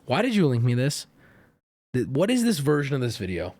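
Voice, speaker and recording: A man's voice: mid-range voice, huge pitch swings, brisk, darkish tone. A man hosting a livestream, chatting casually with his viewers in a rambling, profane way. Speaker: streamer host.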